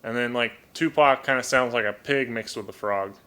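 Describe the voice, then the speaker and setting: Chatting casually on his live stream, this toucan keeper talks through a desk mic in a home room. His voice is clean, very bright, and medium in pitch at normal speed; he apologizes a lot and restarts words, repeating them as he thinks.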